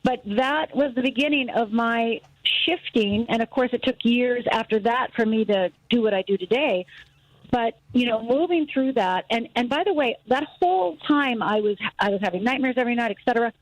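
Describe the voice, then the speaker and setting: A middle-aged woman from Upper Michigan, appearing as a fear expert on a radio talk show, tells a personal story with animation, acting out voices and laughing easily. Her voice sits on the high side and moves at a moderate pace. The recording quality is low.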